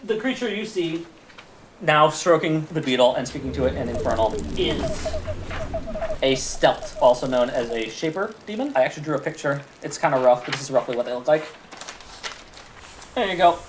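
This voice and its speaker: A man's voice: a little high, expressive, normal speed, noisy background. Casual male game master describing a map. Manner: casual, thinks aloud with fillers while pointing at a map. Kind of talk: narrating a tabletop game.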